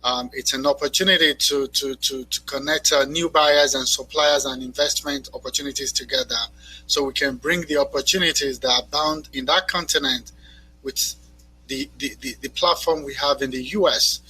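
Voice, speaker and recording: A middle-aged man opening a conference panel as moderator, speaking in a halting way with many fillers and repeated words. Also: medium pitch, steady tone, bright, forceful tone, slightly rough, low-quality recording. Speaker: panel moderator and expo organizer.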